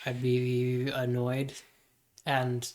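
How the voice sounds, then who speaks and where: A man's voice: mid-range voice, completely flat delivery, very slow, a little mellow. A man in his twenties co-hosting a podcast, thinking aloud in a hesitant way. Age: 20s. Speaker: podcast co-host. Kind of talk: casual brainstorming chat.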